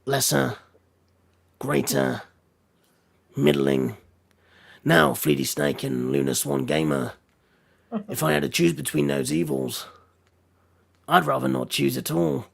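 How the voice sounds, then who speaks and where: Guy doing a gruff tired monster hunter, slow and deliberate, bit gravelly. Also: fairly even intonation, exaggerated voice. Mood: grim. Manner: low, measured, deliberate. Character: grim, world-weary male monster hunter, gruff.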